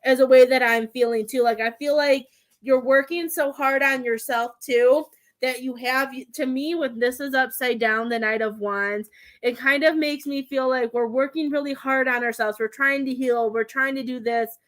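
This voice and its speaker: Psychic medium, female, fairly high voice, chatty and giggly, rambles through a tarot reading. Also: fairly even intonation, normal speed.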